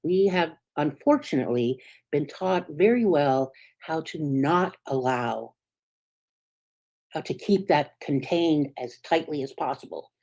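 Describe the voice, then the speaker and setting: In an earnest, conversational sermon, a woman minister from the US often asks her congregation "right?" Her delivery swings from soft, low asides up to sudden bright, emphatic peaks.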